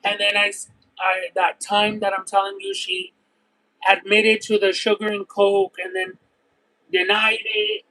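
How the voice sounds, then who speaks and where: A man's voice: sits high, a little slow, poor audio. A man hosting a casual livestream who tells stories expressively and at length, piling on details. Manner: expressive, detailed rambling storyteller. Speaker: livestream host eating and reading chat. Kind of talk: casual chat and storytelling.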